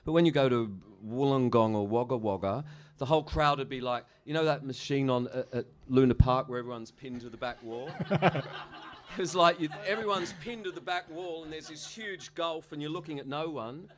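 An Australian musician in middle age tells rambling, profane stories during a casual interview, laughing at his own anecdotes. His voice is mid-range and his pace moderate.

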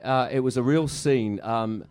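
A man's voice: mid-range voice, unhurried, a little mellow. A middle-aged musician telling rambling, profane stories in a casual interview, laughing at his own anecdotes. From Australia. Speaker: musician guest.

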